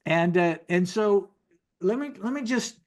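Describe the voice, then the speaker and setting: A man's voice: high-pitched, lively intonation, unhurried. A man in his sixties giving folksy, conversational preaching from his home office over a video call, repeating phrases for emphasis. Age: 60s. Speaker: guest minister teaching.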